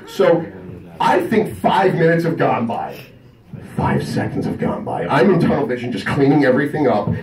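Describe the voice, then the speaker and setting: A slightly high-voiced comedian talks at normal speed while delivering crude, animated stand-up stories at a convention, performing the characters he describes. The room echoes, and the microphone is placed at a distance.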